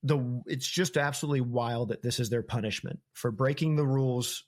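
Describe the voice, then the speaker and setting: A man's voice: medium pitch, brisk. Young american guy hosting a book podcast, easygoing, laughs a lot, retells scenes in silly slang. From United States. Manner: laughs often, paraphrases scenes in slangy voices. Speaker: podcast host. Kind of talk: casual book-discussion chat.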